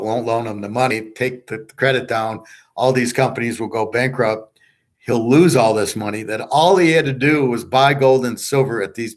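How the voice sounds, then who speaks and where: A man hosting a live sports betting stream, telling a rambling, boastful story in a blunt, combative way and swearing often. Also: mid-range voice. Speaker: sports betting show host.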